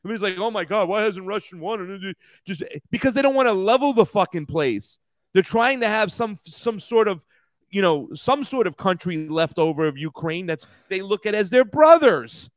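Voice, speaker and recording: High-voiced ranting male co-host. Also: very animated, normal speed, no echo. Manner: heated, profane ranting. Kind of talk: casual political talk show.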